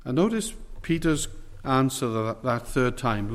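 A man preaching a sermon, earnest, stressing words slowly and asking rhetorical questions. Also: medium pitch, animated. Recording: long hall reverb.

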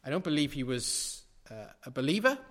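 A man's voice: on the high side, sing-song, a little fast, a bit bright, long reverb tail. A middle-aged man preaching a sermon, emphatic and repeating phrases for stress.

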